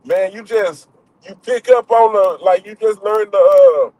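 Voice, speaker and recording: A man's voice: high-pitched, unhurried, dark tone, no echo, rough recording. A young man, chatting and joking loosely, full of slang and fillers. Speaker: streamer. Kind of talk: casual storytelling chat.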